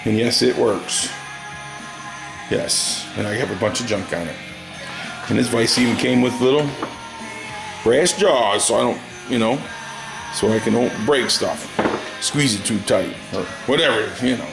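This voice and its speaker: A man's voice: medium pitch, a little slow, creaky, long pauses, echoey room, over music. A middle-aged man chatting casually and rambling through a story in his home garage, folksy and drawling. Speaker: garage hobbyist vlogger. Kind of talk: casual workshop chat.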